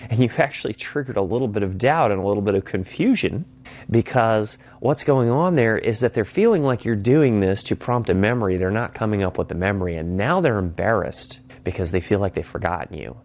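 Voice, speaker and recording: A man's voice: fairly low pitch, fairly quick, darkish tone. A man giving an instructional talk on phone sales, emphatic and acting out sample call lines. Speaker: sales trainer.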